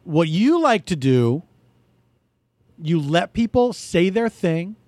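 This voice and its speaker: A male comedy guest with a high, lively voice that moves freely as he sets up a bit. Playful and brisk, recorded dry and close. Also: no room sound. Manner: quick, playful, coaching. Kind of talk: improvised comedy chat.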